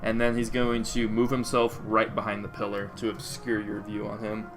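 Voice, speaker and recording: A man narrating as game master of a tabletop game, halting with many fillers. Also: lowish voice, monotone, music in the background. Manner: hesitant, full of fillers.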